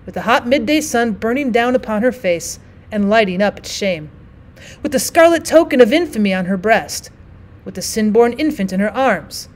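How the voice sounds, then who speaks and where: Teacher-narrator for an audiobook, a woman with a fairly high voice, steady and expressive reading.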